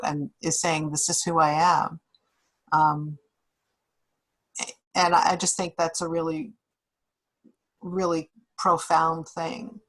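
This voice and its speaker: A woman with a lowish voice speaks to a class over a video call as a guest author, and the recording is rough. She sounds reflective, with frequent ums and restarts.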